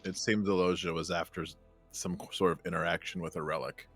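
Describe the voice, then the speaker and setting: A man playing a tabletop game in character, with a measured, dry delivery. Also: sits low, steady tone, creaky, over loud music. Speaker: player.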